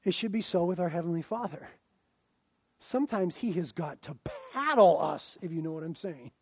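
A young man preaching a sermon, animated, with joking asides and loud emphatic stretches. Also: a little high, fairly quick, husky, dry recording, clean studio sound. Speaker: pastor.

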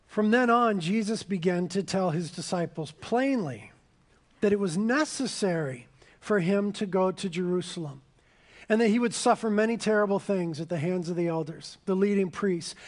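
A man preaching a sermon as pastor, swinging between loud proclamations and hushed, intense passages, slowing down to stress key phrases. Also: high-pitched.

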